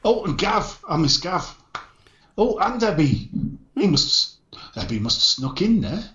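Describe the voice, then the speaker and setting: A man's voice: sits high, sing-song, a little slow, pushed and bright. A man hosting a casual livestream, jovially greeting viewers by name. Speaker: show host. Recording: echoey, dull online call audio.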